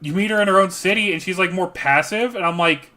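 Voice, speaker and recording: A young man with a bright, forceful and slightly high voice, chatting casually about a game. He tells the story in an excitable way and swears a lot. His talk is loose and unscripted. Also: fast, a little hiss or hum. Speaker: streamer. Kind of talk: casual gaming chat.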